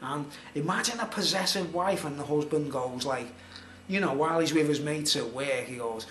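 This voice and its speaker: Brief: middle-aged man, slightly high voice, rambling storyteller, echoey room with faint hiss. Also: normal speed, a bit bright. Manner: rambling, filler-heavy, conversational. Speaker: vlogger. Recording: roomy echo, faint background noise.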